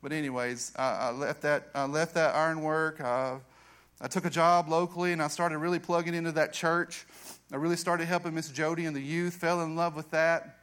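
A man's voice: level tone, normal speed, clean tone. A middle-aged man, a youth pastor giving an earnest testimony in a church. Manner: earnest storytelling, voice drops low and soft for emphasis. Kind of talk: testimony sermon. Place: church sanctuary.

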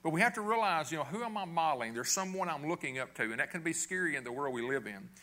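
A middle-aged man preaching a sermon with a bright, forceful tone that sits a little high for a man. He talks conversationally, throws rhetorical questions at the congregation and keeps checking in with a quick "okay?". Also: animated. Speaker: pastor.

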